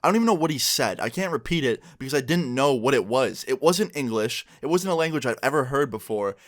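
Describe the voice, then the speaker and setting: A man's voice: mid-range voice, expressive, fast talker. A young man tells a story from his school days for a vlog. He speaks casually and with animation, and he swears freely. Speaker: YouTuber.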